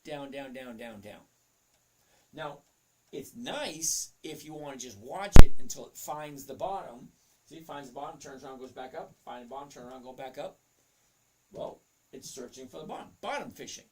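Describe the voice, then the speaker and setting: A man with a mid-range voice and moderate pace hosts a stock trading livestream over a very noisy recording. He chats casually, reads viewer comments, greets people by name, and walks through charts step by step.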